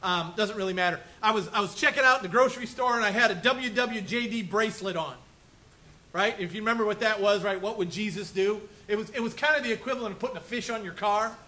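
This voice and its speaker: High bright-voiced chatty male pastor. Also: fast talker, poor audio. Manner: chatty, keeps asking "right?" and "okay?". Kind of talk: conversational sermon. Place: church room with a congregation.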